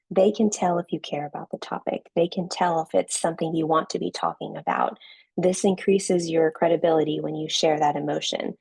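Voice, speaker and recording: A woman's voice: sits low, vocal fry, darkish tone, breathy edge, no room sound, poor audio. A woman giving an online class lecture on presenting, coaching her students and checking in with them often. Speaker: online instructor.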